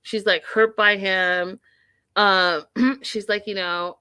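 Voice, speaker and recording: Lady doing a live tv recap, lowish voice, super opinionated, dry close sound. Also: takes it slowly, smooth, dry recording. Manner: animated, opinionated, reads viewer comments aloud. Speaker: host of a live TV recap show. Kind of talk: casual live-stream recap chat.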